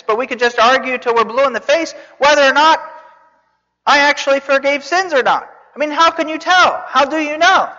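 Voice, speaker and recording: A preacher giving a sermon, telling the story with animated asides, rhetorical questions and jokes. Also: mid-range voice. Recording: dull reverberant hall recording.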